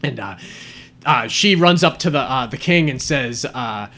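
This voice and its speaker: A man's voice: medium pitch, animated, unhurried, bright, forceful tone. Rambling man in casual chat. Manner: rambling, many "uh" and "like" fillers. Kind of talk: casual chat retelling a film.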